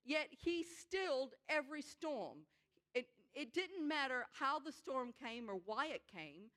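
A woman preaching a sermon in an earnest, conversational way, slowing down to stress her key points. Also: high-pitched, lively intonation, fairly bright tone. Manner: conversational asides with frequent "you know".

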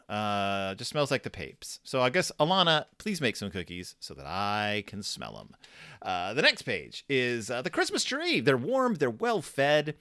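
A man's voice: medium pitch, clear, resonant tone, dry recording. A man with a wry, jokey way of talking gives comedic commentary and lets his voice swing widely up and down. The recording is dry and close, with no room sound. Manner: wry, jokey, animated storytelling. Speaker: host reviewing a scratch-and-sniff storybook.

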